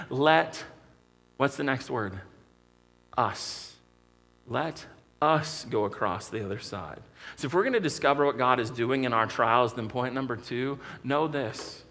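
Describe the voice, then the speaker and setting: A man's voice: medium pitch, a bit bright. An American man preaching a sermon as pastor, earnest and vivid, often restarting his sentences.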